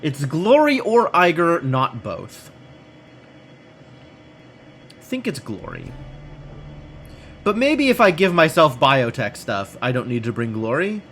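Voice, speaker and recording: Lively wry man streaming a game. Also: on the high side, slow pace, pauses often, faint music behind. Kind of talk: reading a game aloud and thinking out loud.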